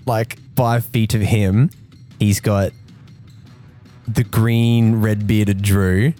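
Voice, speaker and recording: A man playing a tabletop game, talking casually and thinking out loud through his turn. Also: on the low side, fairly even intonation, very slow, soft background music. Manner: casual, thinking aloud, laughs easily. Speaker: player.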